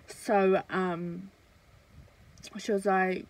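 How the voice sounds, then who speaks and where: A woman's voice: mid-range voice, level tone, a little slow, long pauses, fairly bright tone, low-quality recording. A young woman chats through a casual storytime vlog. She talks while eating, loose and rambling, with plenty of fillers and restarts. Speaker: vlogger.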